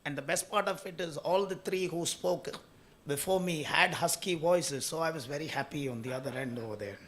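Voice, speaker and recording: A hoarse man giving a speech at a summit in a college hall, emphatic and building in force as he tells stories. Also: a little high, normal speed, a bit bright. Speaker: speaker at an HR summit. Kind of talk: conference speech.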